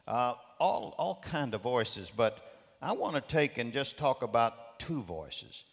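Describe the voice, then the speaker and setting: A man's voice: mid-range voice, very animated, unhurried, creaky, breathy edge. An emphatic male preacher delivers a sermon in a mid-range voice, circling back to his key phrases. His words ring through the long reverb of a large church auditorium. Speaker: guest preacher.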